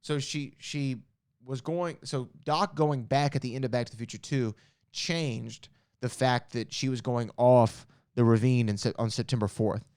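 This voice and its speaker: A man hosts a casual podcast, reading questions and answers aloud and mixing in offhand comments. His voice is smooth and resonant, at a middle pitch. The sound is close and dry, with no room echo. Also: fairly even intonation, measured pace, darkish tone. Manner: reads aloud with chatty asides and self-corrections. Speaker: podcast host.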